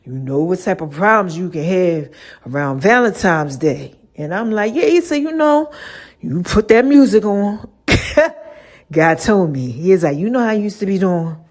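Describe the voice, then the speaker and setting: A woman's voice: medium pitch, darkish tone. Woman chatting solo on her podcast, playful, loose, giggly. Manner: laughs often, slangy and playful, voices quoted talk. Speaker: podcast host. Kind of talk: casual monologue.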